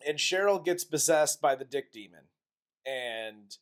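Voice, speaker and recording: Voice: medium pitch, lively intonation, a little slow. A co-host of a comedy movie review podcast, retelling the plot in a crude, exasperated, laughing way.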